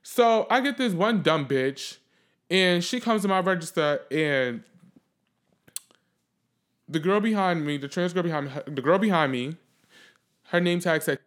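A man telling a story in a casual vlog rant, profane and animated, swinging from loud outbursts to quiet reflection. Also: high-pitched, a little slow, long pauses.

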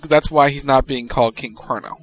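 A man co-hosting a wrestling podcast, talking through upcoming matches in a relaxed, matter-of-fact way. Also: medium pitch, brisk. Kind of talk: casual chat.

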